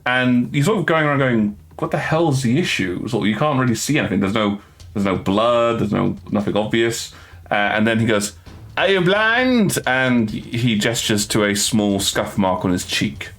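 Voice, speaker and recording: A man's voice: fairly low pitch, fairly even intonation, normal speed, fairly bright tone. A man narrating as dungeon master, hesitant and full of fillers and restarts. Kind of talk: narrating a tabletop game.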